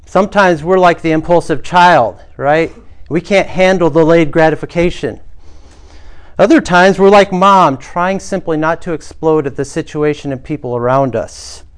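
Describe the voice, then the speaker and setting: A man's voice: on the high side, moderate pace, smooth. A male pastor preaching a sermon, telling a story and inviting the congregation to respond.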